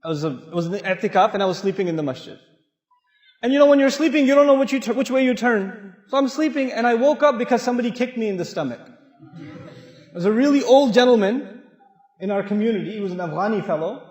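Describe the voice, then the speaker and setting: A man delivering a sermon with animated storytelling, swinging between loud and hushed. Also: sits high, fast talker, muffled recording. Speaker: Islamic speaker. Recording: echoey hall with long reverb.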